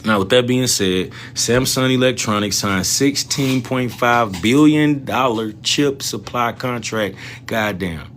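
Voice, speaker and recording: Animated slangy man hosting a trading livestream. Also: medium pitch, unhurried, a little hiss or hum. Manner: animated, slangy, talks straight to viewers. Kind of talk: casual livestream chat about stock trading.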